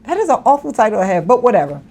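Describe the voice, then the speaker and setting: A woman co-hosting a casual commentary chat, animated and laughing, with mock-outraged asides. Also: on the high side, very fast, slightly rough. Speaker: podcast co-host.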